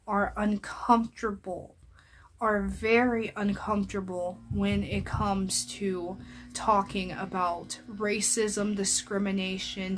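A woman's voice: medium pitch, a bit bright. A young adult woman speaking earnestly and heartfelt to her viewers as a vlogger. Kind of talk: personal address to viewers.

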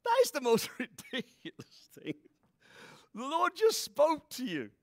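A man preaching to his congregation in a lively, joking way. His voice sits high and swings widely up and down. The sound is dry and close, with no room echo. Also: a little slow, creaky. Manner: animated preaching with playful voices and asides. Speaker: pastor. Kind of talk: sermon.

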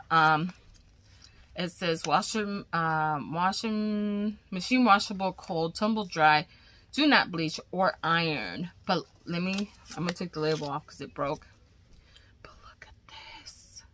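A woman's voice: lowish voice, pushed and bright. A woman vlogger chatting casually and gushing as she unboxes crochet gifts, cursing now and then.

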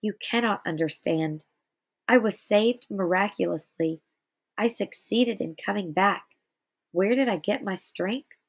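A woman's voice: medium pitch, unhurried. A woman reading aloud the lines of a desperate, grieving man who pleads to be believed. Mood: despairing. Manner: pleading, despairing. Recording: slightly dull lo-fi recording.

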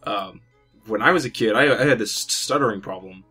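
A young man co-hosting a game playthrough, bantering and teasing his friend with relaxed hesitations. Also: on the low side, normal speed, husky, faint music behind. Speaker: let's play co-host. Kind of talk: casual gameplay chat.

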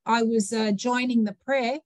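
A woman in a Bible study group shares an experience in an earnest, fairly high voice. The sound is dry and close. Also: fairly even intonation, moderate pace, a little mellow, no echo. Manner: earnest, recounting a personal experience. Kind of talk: casual group discussion.

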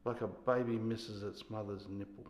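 An actor playing a drunk, bullying older army sergeant who barks insults and orders. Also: male voice, fairly low pitch, flat delivery, normal speed, darkish tone, lightly acted. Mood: commanding. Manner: barking, insulting, commanding. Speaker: actor in a scene. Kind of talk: stage scene acting. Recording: echoey hall.

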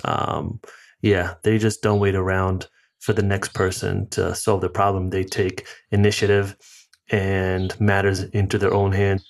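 Chatty American podcast host, low voice. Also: male voice, completely flat delivery, measured pace, gravelly. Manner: rambling, filler-heavy, chatty. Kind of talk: casual podcast chat.

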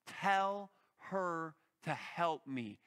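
A man's voice: on the high side, lively intonation, drawn-out words, a bit bright, smooth, exaggerated voice. A preacher voicing a frantic, indignant woman who complains that she has been left to do all the work. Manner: exasperated, complaining.

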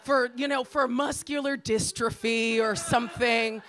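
An American woman in her forties doing a stand-up comedy set, brash and profane, ranting in exasperation with sudden shouted outbursts. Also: fairly high pitch, fairly even intonation, measured pace, soft background music. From Los Angeles, US. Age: 40s.

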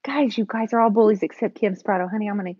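A woman's voice: mid-range voice, quick pace, warm tone, breathy edge, dry recording. A woman, chatting nervously with her viewers as she paints on a live stream. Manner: chatty, nervous, talks to commenters. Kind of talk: casual live chat while painting. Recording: dull dry home-stream audio.

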